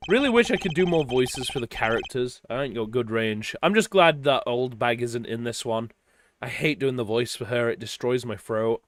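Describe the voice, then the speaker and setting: A man's voice: medium pitch, lively intonation, moderate pace, soft background music. A man streaming a game, rambling casually and swearing. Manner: rambling, swearing, self-deprecating. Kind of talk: casual commentary while playing.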